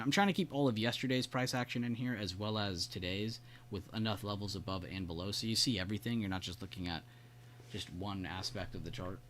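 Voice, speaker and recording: A man's voice: fairly low pitch, fairly bright tone, slight background noise. A man hosting a live trading stream, walking through charts casually and praising viewers by name. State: hiccups. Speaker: trading livestream host. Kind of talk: live market commentary.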